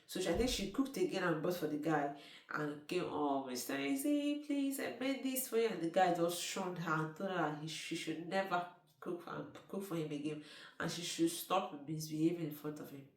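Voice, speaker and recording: A woman's voice: low voice, fairly even intonation, a little fast. Chatty woman recapping a film, roomy. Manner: chatty, asks the listener questions, restarts often. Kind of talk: casual spoken movie recap. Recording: roomy sound from a distant mic.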